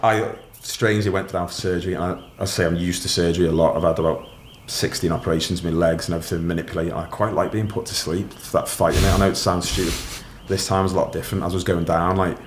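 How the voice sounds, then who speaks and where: A man's voice: sits low, fairly even intonation, fast talker, few pauses, reverberant, a little hiss or hum. A middle-aged man, a podcast guest candidly telling his story in a matter-of-fact, casual way.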